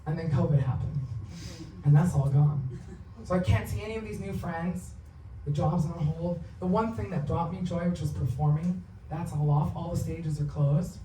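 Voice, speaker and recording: A woman's voice: on the low side, normal speed, dark tone, a little hiss or hum. A woman in her thirties performing a candid, profane stand-up set, telling personal stories in a confessional way. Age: 30s. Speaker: stand-up comedian. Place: theatre stage. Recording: roomy, distant live theatre recording.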